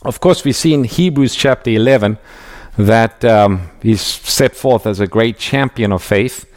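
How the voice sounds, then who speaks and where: A man giving an expository Bible teaching in a measured, emphatic way, reading scripture aloud as he goes. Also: medium pitch, darkish tone.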